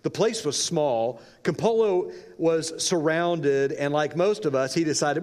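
A man's voice: on the high side, expressive, unhurried, a little mellow. A male pastor telling a story during a sermon, dramatic and varying his pace for effect. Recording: long reverb in a large hall.

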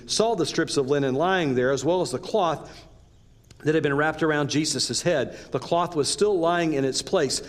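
Animated male preacher, lively pitch. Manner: conversational, animated preaching with asides. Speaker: pastor. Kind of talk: sermon.

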